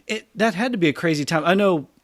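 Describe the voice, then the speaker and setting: A man's voice: high-pitched, fast talker, no room sound, clean studio sound. A man hosting a podcast interview, asking enthusiastic, meandering questions. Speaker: podcast host. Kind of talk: casual interview.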